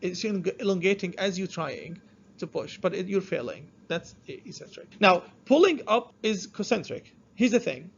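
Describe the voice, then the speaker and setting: High-voiced man lecturing, halting and questioning. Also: lively intonation, vocal fry, lo-fi sound, a little hiss or hum. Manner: halting, restarts sentences, checks understanding often. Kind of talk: classroom lecture.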